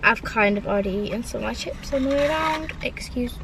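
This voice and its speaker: A woman's voice: on the high side, fast talker, background noise. A young woman chatting casually in her parked car, rambling with lots of "like"s. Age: young adult. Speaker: vlogger. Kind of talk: casual chat.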